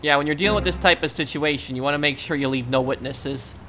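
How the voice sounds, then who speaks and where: A man's voice: fairly high pitch, fast talker, over loud music. A man giving casual let's play commentary. He is chatty, reads in-game messages aloud and uses a lot of fillers.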